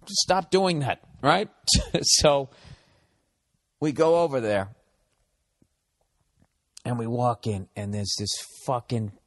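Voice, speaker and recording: A man's voice: lowish voice, long reverb tail. A man hosting a solo podcast, telling stories in a profane, self-mocking ramble. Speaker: podcast host.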